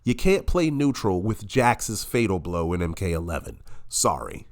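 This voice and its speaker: A man's voice: sits low, sing-song, moderate pace. A man giving heated, profane reaction commentary, his voice nasal and congested from illness. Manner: profane, combative ranting.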